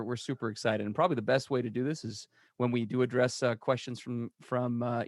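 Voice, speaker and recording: A man's voice: medium pitch, no room sound, clean studio sound. A man co-hosting a podcast, talking in a casual, upbeat and joking way, sometimes like a radio disc jockey. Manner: upbeat, energetic, jokey radio-style intro. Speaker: podcast co-host.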